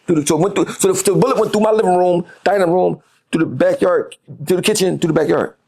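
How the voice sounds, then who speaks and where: A man's voice: high voice, steady tone, quick pace, creaky, a little mellow. A man, a guest on a podcast interview, talking heatedly and profanely and repeating words as he gets worked up.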